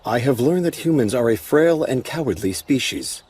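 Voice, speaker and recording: A man voicing a calm, emotionless golem lord in an anime dub, speaking slowly and solemnly. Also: mid-range voice, husky. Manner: slow, measured, solemn.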